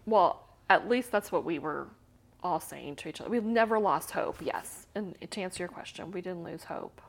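A woman's voice: on the low side, moderate pace, gravelly. A middle-aged woman, an interview guest, candidly telling an emotional personal story, full of fillers and sometimes dropping to a whisper. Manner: candid, many "you know" and "like" fillers, drops to whispers.

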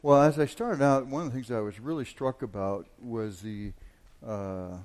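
A man delivers a sermon in an easygoing, conversational manner, often restarting his sentences and filling pauses. On key points he pushes his voice to sudden loud emphasis, then drops back to a soft, talky tone. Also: mid-range voice. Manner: conversational preaching with many fillers and restarts; swells loud on emphatic lines. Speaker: pastor.

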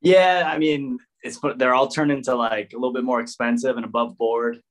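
A man's voice: mid-range voice, fairly even intonation, fairly quick. A man appearing as a comedian guest on a podcast, chatting casually with a dry, understated delivery. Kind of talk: casual chat.

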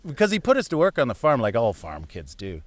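A man's voice: mid-range voice, wildly swooping pitch, fast talker. A middle-aged man, a comedian telling rambling, self-deprecating stories as a guest in a casual chat.

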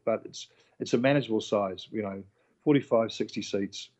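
A man's voice: on the low side, moderate pace, dull audio. A middle-aged man, a chef and restaurant owner, candidly telling stories in a casual interview, acting out voices and swearing now and then. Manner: candid, animated storyteller, acts out quoted voices, swears.

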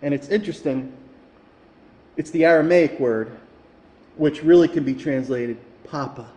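A man's voice: on the high side, moderate pace, mellow. A male pastor preaching a sermon that builds to fervent emphasis. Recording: echoey hall, reverberant.

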